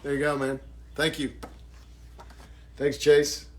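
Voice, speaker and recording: Jokey man with a fairly high voice. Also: completely flat delivery, slow pace. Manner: jokey, self-mocking, warm thanks. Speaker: actor signing autographs on a live stream. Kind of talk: casual live-stream chat.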